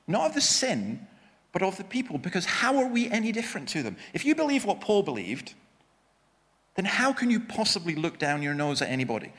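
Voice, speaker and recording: A man's voice: high-pitched, wildly swooping pitch, brisk, a bit bright, long reverb tail. A man preaching a sermon with personal stories, emphatic and self-deprecating, often restarting his sentences.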